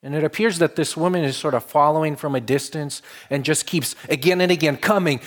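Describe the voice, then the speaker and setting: A man's voice: fairly high pitch, fairly quick, few pauses. A man preaching a sermon in a conversational way, building to emphatic stretches. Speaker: pastor.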